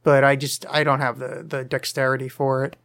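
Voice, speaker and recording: Answering listener questions, a podcast host goes solo and live from his home studio, leaning over now and then to check the screen; he's rambling, self-mocking and jokey, with lots of fillers. He speaks fairly quickly at a medium pitch that barely moves, and his voice is a bit bright.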